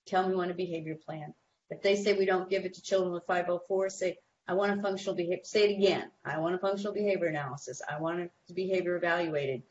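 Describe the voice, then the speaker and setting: A woman's voice: on the low side, fast, muffled recording, slight background noise. A woman giving practical advice to parents on a talk show, telling stories and acting out the people she quotes. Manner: animated storytelling, acts out quoted people. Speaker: guest behavior expert.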